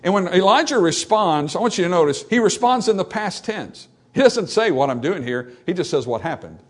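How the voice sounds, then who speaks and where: Animated male preacher. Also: high voice, fairly quick. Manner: animated, acts out dialogue from scripture. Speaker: pastor. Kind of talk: sermon.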